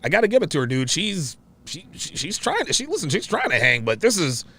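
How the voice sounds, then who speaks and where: A man's voice: fairly high pitch, sing-song, brisk, sharp tone. A man hosting a reaction show, talking in a casual, exclamatory way and often repeating himself.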